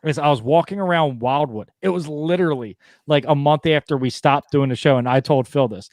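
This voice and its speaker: A man hosts a podcast in a casual, joking way, slipping into voices as he tells stories and swearing freely. His voice sits a little high. The sound is close and dry. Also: fairly quick, no room sound. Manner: swearing, laughing storyteller, animated impressions. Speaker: podcast host.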